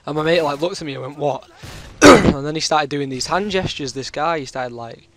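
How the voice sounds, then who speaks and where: A man's voice: fairly high pitch, normal speed, fairly bright tone. A British man with a sore throat, telling a long rambling story in casual chat over his gameplay. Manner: rambling, chatty, full of fillers. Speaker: gaming commentator.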